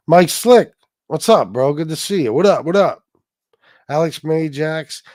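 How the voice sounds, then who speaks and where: A man's voice: fairly high pitch, darkish tone, dry recording, clean studio sound. A man hosting a casual livestream, chatting loosely and profanely with viewers and reading their donations, with many restarts. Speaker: livestream host.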